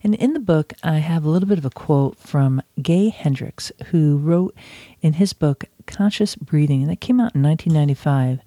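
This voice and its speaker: A man's voice: a little high, expressive, normal speed, warm tone, dry recording. A man talking casually from his office, teaching a lesson about breathing and sometimes mocking himself as he demonstrates. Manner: chatty and self-mocking, demonstrates chants aloud. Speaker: author and instructor.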